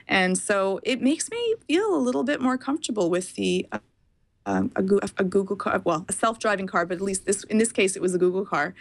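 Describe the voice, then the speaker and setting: A woman guest speaking as a parent, explaining her views in an animated, quick way and often laughing. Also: mid-range voice. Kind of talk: casual chat.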